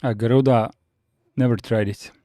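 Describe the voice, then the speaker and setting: A Linux course host teaches on a live stream, working through his notes in a steady, explanatory way and answering viewer chat between points. His warm, mellow, medium-pitched voice often fills pauses with "uh," recorded dry and close at a desk mic with no room sound.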